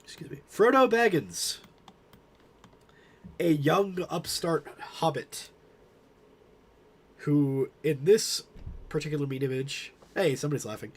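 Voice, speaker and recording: Young male streamer hosting a joke slideshow, unhurried mock-grand narrator delivery. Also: on the high side, lively intonation, breathy edge. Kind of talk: mock-formal meme slideshow commentary.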